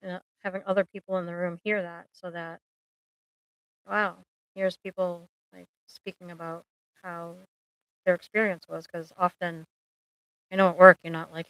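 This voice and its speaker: A woman's voice: lowish voice, steady tone, brisk, a bit bright, no room sound, low-quality recording. A woman therapist hosting a casual live Q&A, chatty and jokey, full of analogies and playful asides. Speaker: therapist and livestream host.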